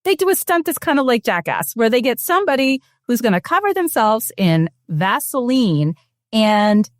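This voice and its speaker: A woman on a podcast panel, telling a story in an animated, amused way. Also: fairly high pitch, moderate pace, no room sound, studio quality. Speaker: podcast co-host. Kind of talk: casual panel chat.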